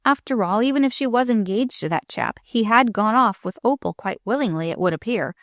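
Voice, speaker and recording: A woman narrating an audiobook in a lively, expressive reading. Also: fairly high pitch, fairly quick, no echo, clean studio sound.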